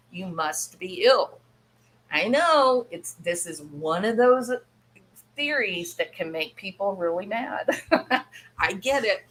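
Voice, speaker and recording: A woman's voice: mid-range voice, sharp tone, poor audio. A woman hosting a podcast, explaining ideas in a chatty way, laughing now and then and acting out quoted voices. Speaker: podcast host. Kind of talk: casual explanatory monologue.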